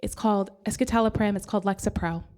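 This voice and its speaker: A woman voicing a calm, gentle male doctor who speaks in a measured, matter-of-fact way. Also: high-pitched, pitched below the performer's own voice, close to an everyday voice.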